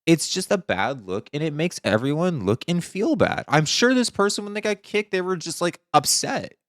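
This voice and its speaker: A man's voice: a little high, sing-song, normal speed, no room sound, clean studio sound. A man streamer talking casually to his audience, earnest and indignant, often repeating his points. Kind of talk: casual commentary to camera.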